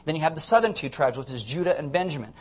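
A pastor with a fairly high-pitched, expressive voice preaches a teaching sermon to his congregation at a rapid-fire pace. He's playful, tossing in jokey asides and often checking that listeners are following along.

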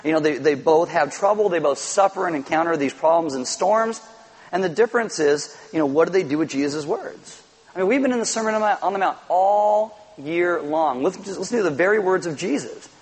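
Husky-voiced man preaching a sermon. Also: a little high, a little fast, poor audio. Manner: animated storytelling with acted-out quotes. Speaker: pastor.

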